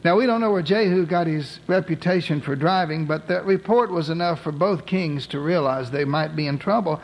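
A man's voice: on the high side, normal speed, rough recording. A man preaching a sermon, retelling a scripture story with humorous modern asides.

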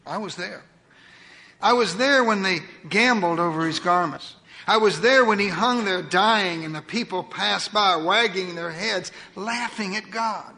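A man preaching a dramatic first-person sermon, swinging between booming lines and hushed ones. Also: a little slow, creaky. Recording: long hall reverb.

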